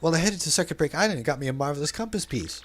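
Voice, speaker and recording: A man's voice: a little high, lively intonation, rapid-fire, fairly bright tone, husky. A man voicing a laid-back young man telling a long adventure story in casual slang for a video game dub. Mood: storytelling. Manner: casual slangy storytelling, says bro a lot.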